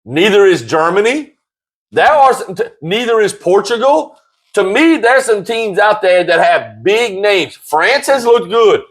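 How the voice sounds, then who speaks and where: Animated high-voiced sports talk man. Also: a little slow. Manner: animated, jokey, repeats himself, voice jumps up high when excited.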